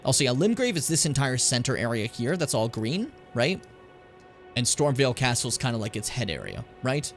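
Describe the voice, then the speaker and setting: A man streaming a video game, chatting and joking with his viewers and swearing freely. His pitch jumps all over the place, and game music plays quietly behind him. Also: big pitch swings, normal speed. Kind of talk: casual gameplay commentary.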